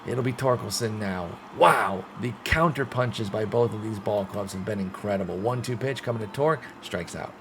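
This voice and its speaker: A young man with a fairly low voice narrates his baseball sim game like a play-by-play announcer. He lurches between sulky, muttered frustration and loud excited outbursts, swearing along the way. A steady wash of background noise sits under his voice. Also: normal speed, few pauses. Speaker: gaming streamer.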